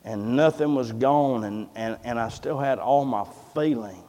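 A man's voice: mid-range voice, a little slow, warm tone. A man preaching a sermon, telling a long story and acting out the voices of the people in it. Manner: folksy storyteller, acts out quoted voices. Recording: long hall reverb.

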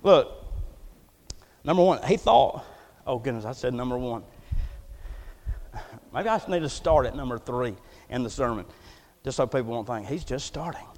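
A male pastor preaching a folksy, joking sermon that swells into loud, emphatic declarations, heard in a church. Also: medium pitch. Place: church sanctuary. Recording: long reverb of a church hall.

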